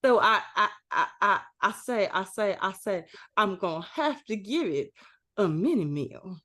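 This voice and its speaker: A woman co-hosting a podcast, talking in an animated, candid way and swearing casually. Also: mid-range voice, unhurried. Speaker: podcast co-host. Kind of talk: casual chat.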